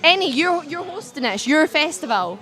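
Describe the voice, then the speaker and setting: A bubbly, excitable woman presenting a podcast, firing off quick questions. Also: high-pitched, some chatter behind. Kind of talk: quick-fire interview questions. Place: outdoors in a city.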